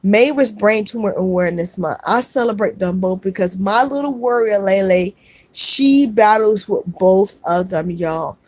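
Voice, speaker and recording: A woman's voice: medium pitch, measured pace, no echo. Comforting woman chatting on livestream. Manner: earnest, comforting, says "y'all" often. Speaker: livestream host reading viewer comments. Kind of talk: casual livestream chat.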